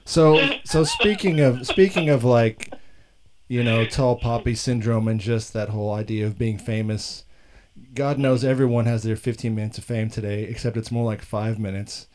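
Man, mid-pitched, animated, jokey, rambling questions, casual chat. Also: normal speed. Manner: animated, joking, asks long rambling questions.

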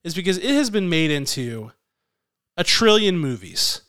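A man's voice: a little high, moderate pace, clear, resonant tone, no room sound, clean studio sound. A man co-hosting a podcast, chatting casually with jokes and playful rants. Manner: animated, joking, rant-prone. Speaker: podcast co-host.

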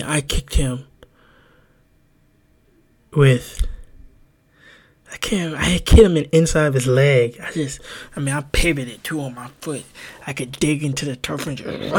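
Young man telling rowdy stories. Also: mid-range voice. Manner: animated, swears freely, laughs through stories. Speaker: podcast co-host. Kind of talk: casual storytelling.

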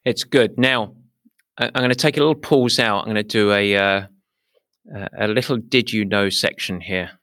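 A man's voice: lowish voice, normal speed, fairly bright tone, no echo, clean studio sound. A man with an English accent hosting a podcast, chatting casually and often repeating words as he thinks. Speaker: podcast host. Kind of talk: casual conversational interview.

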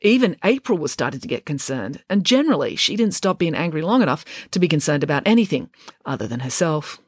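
A woman reading a children's story aloud with a wry, expressive delivery. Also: deep voice, quick pace, husky, dry recording, studio quality. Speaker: narrator.

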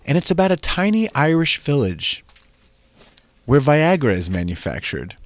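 A man hosting a comedy podcast, telling bawdy stories in a lively, animated way with frequent laughs. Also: fairly high pitch, moderate pace, dry recording. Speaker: podcast host. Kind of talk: casual comedic chat.

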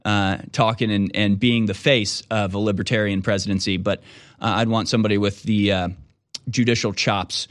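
A man's voice: fairly low pitch, steady tone, no echo. A man hosting a call-in talk show, riffing with callers in a loose, joking way. He often stops and restarts mid-sentence. The sound is close and dry, with no room around it. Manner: joking, quick riffs, trails off into restarts.

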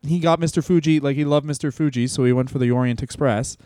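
A man co-hosting a podcast, rambling and joking in casual chat, now and then slipping into quick impressions. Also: medium pitch, fairly even intonation, warm tone, no echo. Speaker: podcast co-host.

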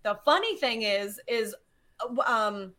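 A woman guest telling personal stories in a chatty, animated way, full of fillers and casual swearing. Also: a little high, a little slow. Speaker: podcast guest, geologist. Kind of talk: casual storytelling.

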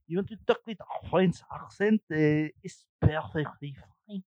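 A man's voice: a little high, measured pace, a little mellow, no room sound. A man co-hosting a crude casual podcast, joking around and slipping into mock accents. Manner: jokey, drops into mock accents and voices. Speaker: podcast co-host. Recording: dull dry lo-fi sound.

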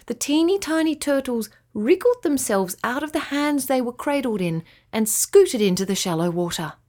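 A woman's voice: high-pitched, normal speed. Woman reading a children's story. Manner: gentle, expressive reading. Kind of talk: bedtime story narration.

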